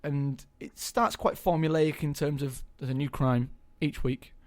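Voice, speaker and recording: A young man talking casually as an interview guest, chatty and hesitant, filling pauses with ums. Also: fairly high pitch, steady tone. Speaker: guest actor.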